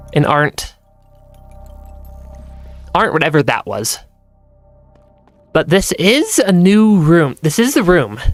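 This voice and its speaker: A game streamer giving relaxed let's-play commentary, chatty, laughing often and restarting sentences as they go. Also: mid-range voice, dry recording. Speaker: gaming streamer.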